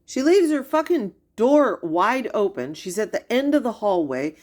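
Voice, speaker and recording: A woman's voice: fairly high pitch, big pitch swings, unhurried, a little mellow. A middle-aged woman giving gossipy reaction commentary, incredulous and chatty. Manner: incredulous and gossipy, with frequent sighs and laughs. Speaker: commentary streamer.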